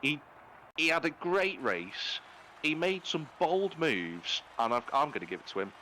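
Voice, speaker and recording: A man giving live commentary on an online racing league, his voice rising high and animated as he calls out finishing positions. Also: measured pace, slight background noise. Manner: excitable, jumps high when calling positions. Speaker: race commentator. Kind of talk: live esports race commentary.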